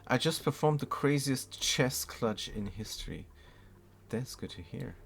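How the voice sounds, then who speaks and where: A man's voice: medium pitch, expressive, a little slow, vocal fry, a bit bright, soft background music. A man from Germany casually commenting on his game while answering chat in a laid-back way. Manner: laid-back, reads chat aloud, chuckles often. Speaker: streamer.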